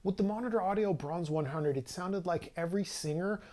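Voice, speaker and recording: Mellow, slightly high-voiced male reviewer. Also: fairly quick. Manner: conversational, loose, with frequent fillers and restarts. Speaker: audio equipment reviewer. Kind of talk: casual product review to camera.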